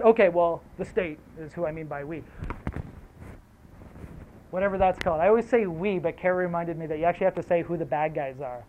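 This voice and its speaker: A man giving a casual storytelling lecture, animated, slangy and profane, drifting into asides. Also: high-pitched, slight background noise. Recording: tinny phone-like audio.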